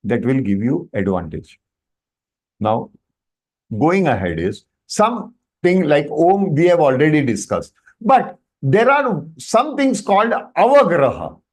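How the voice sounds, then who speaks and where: A man's voice: on the high side, big pitch swings, a little slow. A man with an Indian English accent teaching Sanskrit on a video call, explaining and checking with students as he goes. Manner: explains with questions to students, mixes Hindi into English. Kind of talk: online workshop lesson.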